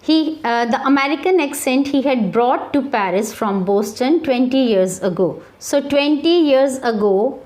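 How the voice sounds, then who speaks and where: Slow, patient teacher woman. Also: high voice, darkish tone. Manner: paraphrases slowly with restarts and fillers. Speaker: English teacher. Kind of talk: textbook lesson explanation.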